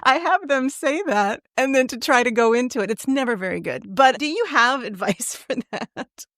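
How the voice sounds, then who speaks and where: A woman's voice: sits high, expressive, normal speed, a bit bright, no room sound, clean studio sound. A woman hosting a podcast and interviewing her guest in a chatty way, laughing often. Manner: chatty, laughs often, gives short backchannels. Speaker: podcast host and acting teacher. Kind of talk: casual interview chat.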